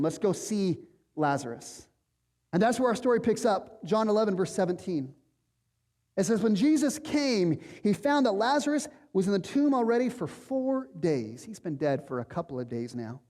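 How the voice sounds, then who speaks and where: A man's voice: high-pitched, in a large hall. A man preaching a sermon as pastor, conversational and emphatic, asking rhetorical questions of his congregation. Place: church sanctuary.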